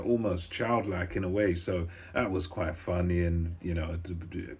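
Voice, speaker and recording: A man's voice: deep voice, slightly rough. A man casually recapping a boxing face-off for his channel, retelling what each side said. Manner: relaxed, recounting with quoted lines. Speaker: boxing commentator. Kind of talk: casual video commentary.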